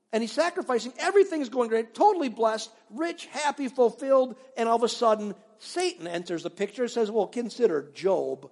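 A man preaching a sermon as a pastor, telling stories with animated swings between loud and hushed. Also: extremely high pitch, in a large hall. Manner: animated storytelling, acting out biblical voices, dropping to near-whispers.

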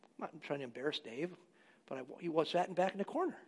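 A man's voice: a little high, expressive, quick pace. A man, a pastor, preaching a sermon with emphatic rises in volume on key phrases. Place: church.

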